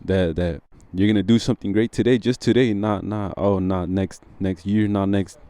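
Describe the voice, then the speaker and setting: Low, dark, hesitant man giving advice. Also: steady tone, dry recording. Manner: slow, hesitant, reflective. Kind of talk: casual chat.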